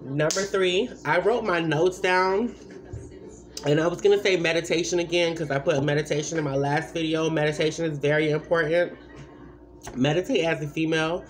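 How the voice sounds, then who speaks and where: A woman's voice: low voice, fairly even intonation, normal speed. A woman giving blunt, rambling advice in a casual vlog, full of asides and repeated points. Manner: repeats points with many fillers.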